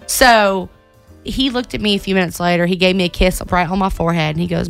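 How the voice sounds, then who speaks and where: A woman co-hosting a casual chat, telling a story with lively acted-out quotes. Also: on the low side, fairly quick, vocal fry, smooth, soft background music. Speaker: co-host.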